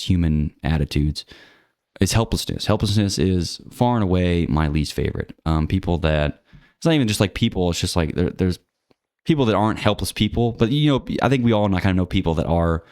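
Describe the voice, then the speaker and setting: Low-voiced man musing, blunt. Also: animated, a little fast, darkish tone, dry recording, clean studio sound. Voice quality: rambling, many fillers and restarts. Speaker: channel host. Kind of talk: casual monologue to camera.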